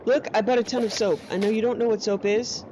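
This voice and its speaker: This gameplay streamer speaks fast in a slightly high, warm voice with a steady tone, amid slight background noise. Playful and casual, she baby-talks to her companion and cracks teasing, self-deprecating jokes.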